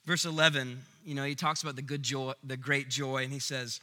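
A male pastor preaching a sermon, animated, swinging between loud emphasis and hushed lines. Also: medium pitch, fairly quick, few pauses. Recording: long reverb of a large hall.

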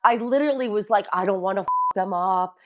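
A woman's voice: mid-range voice, fast talker. Brief: middle-aged woman, brash storyteller, loves a punchline and a curse. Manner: animated storyteller who swears and acts out quotes. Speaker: guest. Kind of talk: casual chat.

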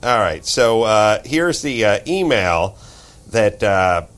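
Man, middle-aged, podcast host, casual comedic chat, lively pitch. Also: slow. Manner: animated, jokey, mocking asides.

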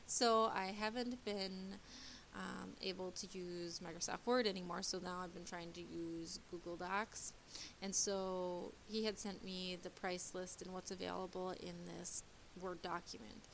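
Candid mother with a gravelly voice. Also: lowish voice, steady tone, a little hiss or hum. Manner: candid, halting, many ums and restarts. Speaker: mother sharing her day. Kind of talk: personal storytelling monologue.

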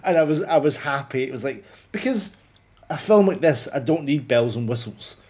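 A man's voice: medium pitch, lively intonation, normal speed, a little mellow. A man chatting casually about a film, rambling with many restarts and swearing freely. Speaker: film podcast co-host. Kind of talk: casual chat.

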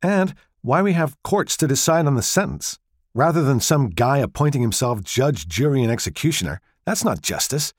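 A man voicing a sharp-witted woman archaeologist who snaps quick, exasperated retorts at her husband in an audiobook. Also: medium pitch, animated, no echo, studio quality, voice pushed up, natural voice. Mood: indignant.

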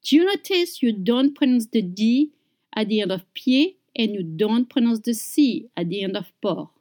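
A woman teaching pronunciation, saying each word slowly and clearly and repeating it for learners. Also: a little high, lively intonation, warm tone. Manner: slow, deliberate, repeats words for learners. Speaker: French teacher. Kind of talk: slow pronunciation lesson.

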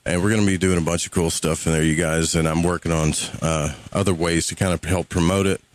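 Southern US male radio host, very deep, relaxed and rambling, swears casually. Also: quick pace, dry recording. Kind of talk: casual live radio talk.

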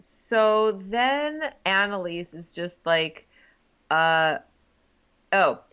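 A woman's voice: medium pitch, animated, drawn-out words, fairly bright tone, clear, resonant tone. A woman in casual chat who talks in a chatty way with plenty of fillers. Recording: dull lo-fi sound.

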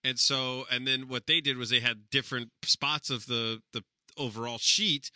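A man's voice: medium pitch, steady tone, moderate pace, bright, forceful tone, no room sound, studio quality. A man in his thirties co-hosting a casual podcast, telling stories in a rambling way with frequent restarts. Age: 30s. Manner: rambling, self-interrupting storyteller. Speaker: podcast co-host. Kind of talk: casual chat.

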